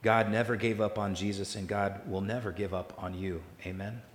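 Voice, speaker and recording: A man preaching a sermon as pastor, building loud through lists and falling soft and slow on key lines. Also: fairly low pitch, fairly even intonation, slight background noise. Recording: echoey hall with long reverb.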